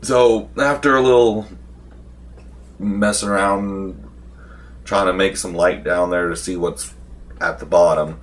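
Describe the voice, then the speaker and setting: A man's voice: sits low, steady tone, slow, pauses often. A man casually retelling a tabletop role-playing session, wandering through the story with fillers and restarts. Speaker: vlogger recapping a tabletop game session. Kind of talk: casual rambling recap.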